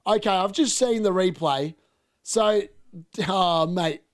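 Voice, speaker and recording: A man hosting a live football watchalong, chatting casually and reacting excitedly to the game. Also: sits high, takes it slowly. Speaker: watchalong host.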